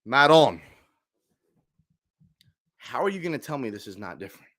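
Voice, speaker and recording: Young male fan streamer, twenties, bright tense voice, emotional swings, casual rant. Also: medium pitch, sing-song, normal speed. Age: 20s. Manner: emotional, swings from shouting to hushed murmurs.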